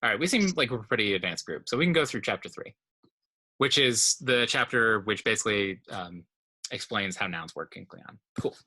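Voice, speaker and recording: Male teacher, informal class lesson, lowish pitch, tense bright edge, explains step by step. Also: lively intonation, brisk, breathy edge.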